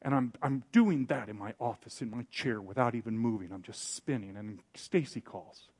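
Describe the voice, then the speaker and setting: A man's voice: mid-range voice, normal speed, breathy edge. Man telling a candid story to a congregation. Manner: animated storyteller acting out quotes; candid, self-deprecating. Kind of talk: sermon storytelling.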